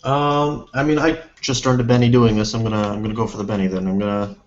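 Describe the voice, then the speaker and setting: A man's voice: on the low side, level tone, quick pace, dull audio. A man playing a tabletop game, describing his actions in first person and correcting himself as he goes. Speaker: player.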